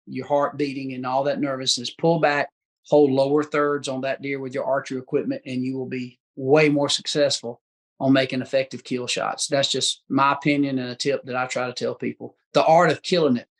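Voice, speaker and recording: A man's voice: mid-range voice, little pitch movement, a little fast. Folksy hunter man chatting. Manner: folksy, gives advice, says dude and bro. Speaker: guest hunter. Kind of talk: casual chat.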